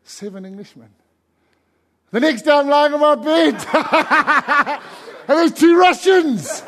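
A middle-aged man preaching a sermon, telling a story with animated energy and shouting in its excited stretches. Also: very high-pitched, slow, a little hiss or hum. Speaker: pastor. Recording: long hall reverb.

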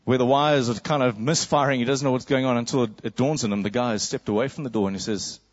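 A male preacher tells a story in a vivid, dramatic sermon style, with a mid-pitched voice. The recording is a little dull and lo-fi. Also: fairly even intonation, quick pace. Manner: vivid storytelling, acting out crowd cries and whispers.

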